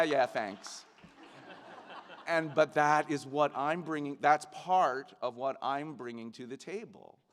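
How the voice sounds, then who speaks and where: A middle-aged man gives a commencement speech in an earnest, reflective way, at a middle pitch. His voice carries a long reverb from a large venue and reaches the podium mic. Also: fairly bright tone. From United States. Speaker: commencement speaker, actor.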